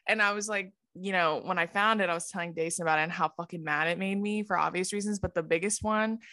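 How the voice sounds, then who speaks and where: A woman's voice: lowish voice, fast, sharp tone, no echo. A woman hosting a podcast, chatting casually in a blunt, profane way and laughing readily. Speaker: podcast host.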